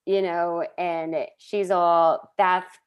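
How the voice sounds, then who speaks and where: A woman's voice: medium pitch, normal speed, highs cut off. A woman co-hosting a podcast in casual chat, telling a story unhurriedly and acting out the quotes. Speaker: podcast co-host. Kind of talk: casual chat recapping a sitcom.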